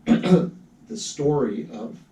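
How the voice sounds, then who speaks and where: A man with a gravelly, dark voice, co-hosting a casual movie talk. He tells film history slowly, full of uhs and restarts. He sounds distant from the mic in an echoey room with faint noise. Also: a little high, lively intonation. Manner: storytelling, hesitant with many fillers. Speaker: movie talk show co-host. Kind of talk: casual chat about movies.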